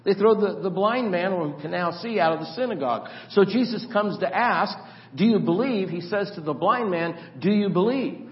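A man's voice: sits high, lively intonation, moderate pace, hardly any pauses. Man, pastor preaching in a church, dull long-echo hall recording. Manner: repeats words when starting sentences, asks the congregation questions. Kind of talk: sermon. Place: church sanctuary.

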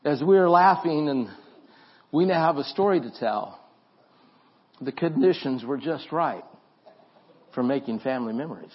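A man's voice: fairly high pitch, animated, measured pace, long pauses, breathy edge, muffled recording. A man preaching as a pastor, earnest and repetitive, in a church. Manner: earnest preaching with repeated phrases and restarts. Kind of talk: sermon.

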